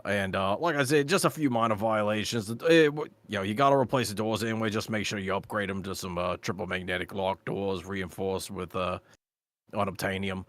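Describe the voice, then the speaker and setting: A smooth-talking swindler poses as a friendly official, breezy and polite, as a man plays him at a tabletop game. His voice is fairly low and the sound is dry and close. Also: a little fast, fairly bright tone, no room sound, close to an everyday voice. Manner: breezy and overly polite, keeps saying "mate". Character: smooth-talking male con artist posing as an official.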